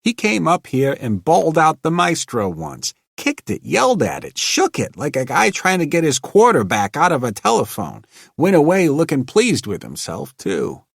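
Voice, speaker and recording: A man doing an excitable young stage technician. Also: fairly high pitch, normal speed, creaky, hardly any pauses, slightly rough, dry recording, clean studio sound, voice pushed up, full character voice.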